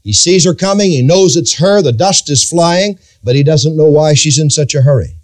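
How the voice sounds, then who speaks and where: A man preaching a sermon, dramatic and emphatic, retelling scripture in old-fashioned biblical wording. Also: moderate pace. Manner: dramatic, emphatic, sweeping pitch swings.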